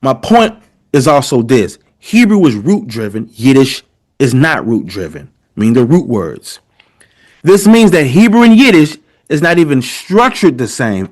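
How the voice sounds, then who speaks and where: A man's voice: fairly high pitch, a little mellow. A man teaching a lesson, explaining points emphatically and checking in with his listeners as he goes. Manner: emphatic, addresses listeners directly, checks in often. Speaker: teacher presenting a language comparison. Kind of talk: lecture-style explanation.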